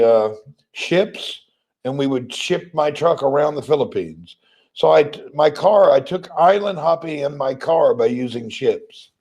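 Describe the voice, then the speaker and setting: A man from Tennessee with a Southern accent and a slightly hoarse, crackly voice, chatting casually on a livestream and reading viewer comments. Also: on the high side, darkish tone. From Tennessee, USA. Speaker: livestream host.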